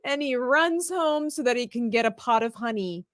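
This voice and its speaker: A woman's voice: on the high side, normal speed, no echo, studio quality. A woman in casual chat, animatedly retelling a storybook tale and laughing as she goes. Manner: animated storyteller who acts out lines with laughter. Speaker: podcast co-host.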